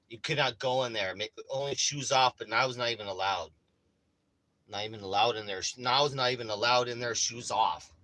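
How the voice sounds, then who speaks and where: A man chatting casually in a vlog from inside his RV, rambling and swearing, getting animated when he acts out stories. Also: mid-range voice, rough recording. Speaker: vlogger. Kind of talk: casual chat.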